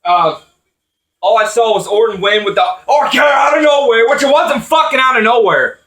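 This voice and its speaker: A man's voice: high voice, animated, normal speed, a bit bright, echoey room, raised voice, recorded from a distance. A man ranting angrily about wrestling, swearing often and rambling with restarts. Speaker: wrestling commentator vlogger. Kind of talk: angry profane rant.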